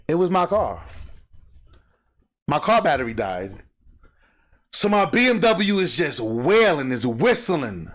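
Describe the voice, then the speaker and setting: A man hosting a reaction video, his high voice swinging widely in pitch. He talks loudly and emphatically, acting out noises and quoted lines as he comments. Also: big pitch swings, slow pace, long pauses. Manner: loud, emphatic, acts out sounds and quotes.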